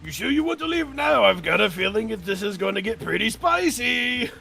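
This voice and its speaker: A cocky young coworker eggs his friend on in a raised, goading voice, as a man puts him on. He sounds mischievous and quick, the voice pushed a little higher than normal. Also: sing-song, vocal fry, sharp tone, soft background music, heavily acted. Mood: teasing.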